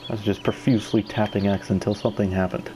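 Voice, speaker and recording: A man's voice: on the low side, level tone, fast talker, background noise. A man giving casual, joking let's-play commentary. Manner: joking, rambling. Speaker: gaming YouTuber.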